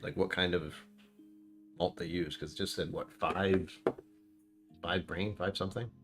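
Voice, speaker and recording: A man's voice: low-pitched, fairly even intonation, a little slow, music in the background. A man casually chatting on a live stream while reviewing a whiskey, rambling and reacting to his chat.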